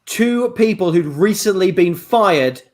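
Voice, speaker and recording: A man's voice: high-pitched, animated, measured pace, a little mellow. A man hosting an improv show, reading out audience suggestions in an upbeat, matter-of-fact way.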